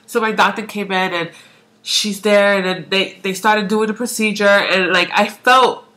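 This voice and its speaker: A young woman talks straight to her camera in a loose, rambling way, dropping "like" into nearly every phrase and slipping into quick voices for people she quotes. Her voice has a bright, forward ring. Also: medium pitch, fairly even intonation. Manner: chatty, rambling, full of "like"; acts out quoted voices, laughs often. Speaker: vlogger. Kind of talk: casual pregnancy vlog.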